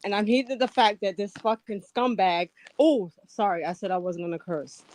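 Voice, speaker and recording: A woman's voice: mid-range voice, normal speed, a little mellow. Angry profane woman on a livestream. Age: older. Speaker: livestream guest. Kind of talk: heated livestream rant.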